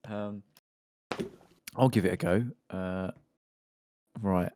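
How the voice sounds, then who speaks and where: A man's voice: fairly low pitch, measured pace, pauses often, warm tone, no echo, clean studio sound. A man hosting a casual podcast, joking and rambling while reading a news story aloud. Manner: joking, rambling, laughs often. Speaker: podcast host.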